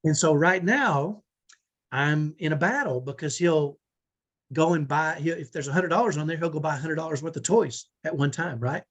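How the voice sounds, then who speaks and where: A man's voice: a little high, normal speed. A middle-aged man hosting a live online parenting training on a video call, earnest and emphatic, often tagging on "right?". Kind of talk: live webinar talk.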